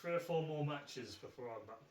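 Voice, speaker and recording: Deep-voiced mumbling Yorkshire man. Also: animated, a little fast. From England. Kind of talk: casual chat.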